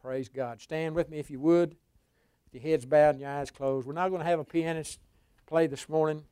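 A man preaching a sermon, telling a personal story in a folksy way that swings from hushed to loud. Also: a little high, steady tone, moderate pace, clear, resonant tone, dry recording. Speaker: pastor. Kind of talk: sermon testimony.

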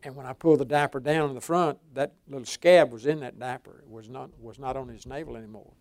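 A man's voice: medium pitch, steady tone, quick pace, darkish tone, dry recording. An older man preaching a folksy sermon, telling rambling stories with frequent restarts.

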